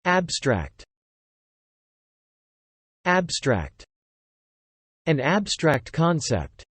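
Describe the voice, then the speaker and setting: Vocabulary narrator, very slow, deliberate, breathy, dry close sound. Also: medium pitch, sing-song, no echo. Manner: deliberate, says each word twice then a short phrase. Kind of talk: slow word-list reading for learners.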